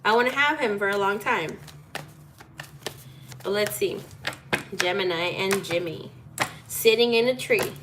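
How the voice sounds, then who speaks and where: A woman talks through a tarot reading in a loose, chatty way. She is playful, laughs often and drops the odd swear word. Her voice sits in a middle pitch, with a faint background hum. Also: a little slow, pauses often. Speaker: tarot reader. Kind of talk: casual tarot reading chat.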